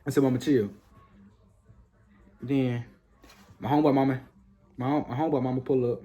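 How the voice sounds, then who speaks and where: Husky rambling young man. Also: mid-range voice, fairly even intonation, fast, mellow. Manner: rambling, repetitive, profane slang. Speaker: storyteller. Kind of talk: casual storytime.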